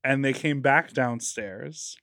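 A man's voice: medium pitch, slow pace, dry recording, clean studio sound. A young man from Chicago, co-hosting a casual chat and telling profane stories full of fillers. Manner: animated, profane storytelling with many fillers. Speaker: podcast co-host.

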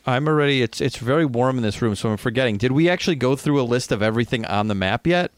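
A man's voice: mid-range voice, expressive, fast. A man co-hosting a casual comedy podcast over a video call, hesitant and wry, often restarting his sentences. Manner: hesitant, wry, self-interrupting. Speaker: podcast co-host.

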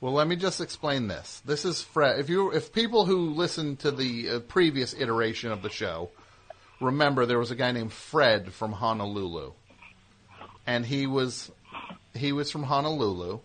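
A man's voice: medium pitch, normal speed, fairly bright tone. Teasing, rambling male radio host. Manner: teasing, riffing in long rambling runs. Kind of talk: call-in comedy banter.

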